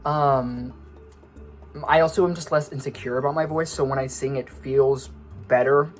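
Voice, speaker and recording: A man's voice: medium pitch, steady tone, normal speed. A young man talks to camera in a loose, rambling way, jumping from one tangent to the next and teasing himself as he goes. He sounds slightly out of breath throughout. Faint music plays underneath. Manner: scattered, tangent-prone, self-mocking. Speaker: vlogger and musician. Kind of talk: casual rambling monologue.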